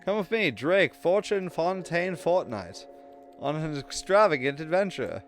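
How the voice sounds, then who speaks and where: A man's voice: a little high, animated, soft background music, voice pushed up. A man putting on a theatrical transatlantic accent as a dashing old-time adventurer, stretching out his words. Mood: grand. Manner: theatrical, drawn-out.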